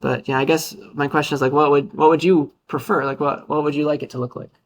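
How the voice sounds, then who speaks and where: A man's voice: fairly high pitch, flat delivery, quick pace. A male university lecturer giving a casual, upbeat classroom lecture with playful asides.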